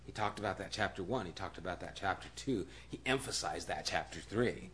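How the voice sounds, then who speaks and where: A man preaching a sermon as pastor, emphatic and repeating key phrases, often dropping to a hushed, near-whispered voice. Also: deep voice, brisk.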